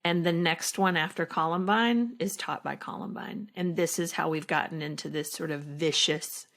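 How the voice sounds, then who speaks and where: A middle-aged actress talking slowly and reflectively as a podcast guest, with halting restarts. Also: female voice, deep voice, steady tone, gravelly, fairly bright tone. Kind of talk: emotional interview conversation.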